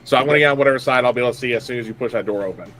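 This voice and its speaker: A man playing a tabletop game who talks quickly at a middle pitch. He rambles through his plans, packed with fillers and restarts. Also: fairly bright tone, slight background noise. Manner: rambling, full of likes and restarts. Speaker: player. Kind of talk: casual tabletop play.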